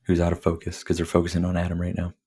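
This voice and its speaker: A man's voice: low voice, completely flat delivery, rapid-fire, mellow, husky. A man hosting a podcast, casually recapping a film in a rambling, profane way and laughing often. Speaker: podcast host.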